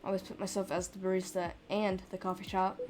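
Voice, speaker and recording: A woman's voice: medium pitch, flat delivery, fast talker, noisy background, close to an everyday voice. Woman reading a polite, curious barista. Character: polite, curious young coffee shop barista. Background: game music.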